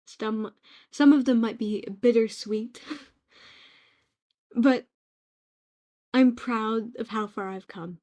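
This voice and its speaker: Soft-spoken British woman, ASMR ramble. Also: on the high side, slow pace, pauses often. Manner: gentle, reflective, quietly affirming, with soft laughs. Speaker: ASMR creator. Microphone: home microphone.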